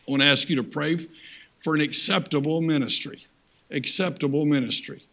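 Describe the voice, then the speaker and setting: A man's voice: on the high side, brisk, vocal fry, a bit bright. An older man, a missionary and guest preacher, giving a sermon in a plain-spoken, folksy storytelling way with emphatic turns. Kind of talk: sermon with personal stories.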